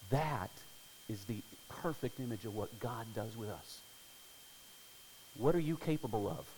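A man preaching a sermon, telling a story with dramatic swings between hushed and loud delivery. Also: on the low side, lively intonation, a little slow. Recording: hall reverb with faint hum.

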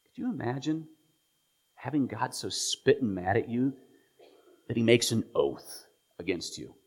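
Animated husky-voiced male preacher. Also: mid-range voice, unhurried. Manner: animated storytelling, voicing quoted figures, dropping to whispers. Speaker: pastor. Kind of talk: sermon.

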